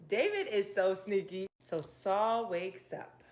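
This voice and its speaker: A woman hosting a casual Bible chapter breakdown, retelling the story in her own slangy words with animated, opinionated asides. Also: medium pitch, takes it slowly, pauses often. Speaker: Bible study video host.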